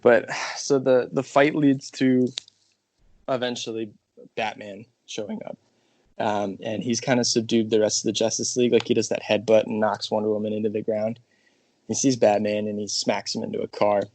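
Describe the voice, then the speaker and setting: A man co-hosting a podcast, casually recapping film scenes in a relaxed way. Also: lowish voice, normal speed. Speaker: podcast co-host. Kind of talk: casual film review chat.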